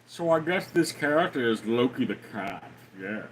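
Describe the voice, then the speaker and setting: A man's voice: mid-range voice, animated, moderate pace, a little hiss or hum, poor audio. A man hosting a casual livestream, rambling offhandedly and reading chat aloud. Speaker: livestream host.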